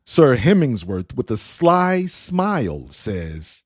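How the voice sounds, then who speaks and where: A man narrating a story in an unhurried, expressive reading style. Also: medium pitch, husky, no room sound, clean studio sound.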